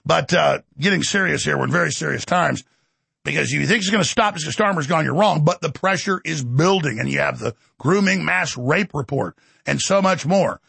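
Gravelly, husky man ranting as host. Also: a little high, animated, sharp tone, no echo. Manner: fast, heated, mocking rant. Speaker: talk show host. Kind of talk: combative political monologue.

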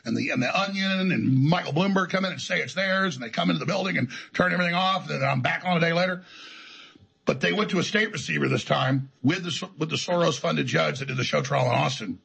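A man's voice: fairly high pitch, fast talker, creaky, a bit bright, husky, poor audio. A man telling his story as an interview guest, in an emphatic, defiant, rambling way. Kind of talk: heated conversational storytelling.

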